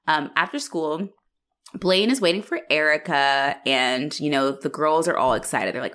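Woman, podcast co-host, low and animated, playful recap chatter. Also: normal speed. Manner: animated, laughs often, acts out characters' lines. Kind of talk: casual recap chat.

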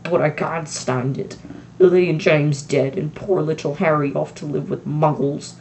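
A teenage reader voicing a big, gentle, rough male giant in an amateur audiobook, loud and humble with rustic phrasing. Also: medium pitch, steady tone, moderate pace, a little hiss or hum, lightly acted.

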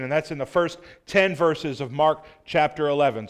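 A man's voice: on the high side, normal speed, hardly any pauses. A man pastor preaching a sermon, earnest and conversational, with casual asides.

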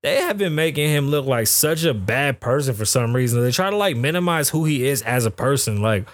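A man's voice: fairly high pitch, animated, fairly quick, no echo. A man hosting a podcast, giving casual, profane and rambling commentary on the news. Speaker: podcast host.

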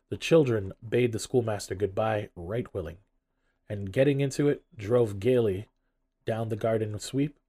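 A man narrating a classic novel aloud in an expressive, storytelling manner. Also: on the low side. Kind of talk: audiobook narration.

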